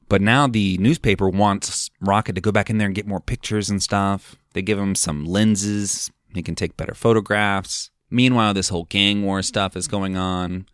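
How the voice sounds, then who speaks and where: Low-voiced man casually recapping a film. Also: moderate pace, fairly bright tone, no room sound, clean studio sound. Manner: rambling, filler-heavy retelling. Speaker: podcast host.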